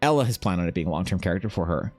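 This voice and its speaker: Low-pitched male streamer who rambles and swears as he works, faint music underneath. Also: lively intonation, racing, a little mellow. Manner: rambling, swears, talks to himself and chat. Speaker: artist streaming live. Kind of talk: casual live-stream chat while drawing.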